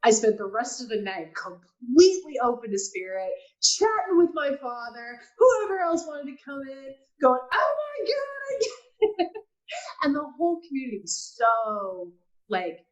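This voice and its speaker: A woman telling a personal story in casual talk, animated, acting out quotes and often laughing. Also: fairly high pitch, moderate pace, muffled recording. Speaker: guest.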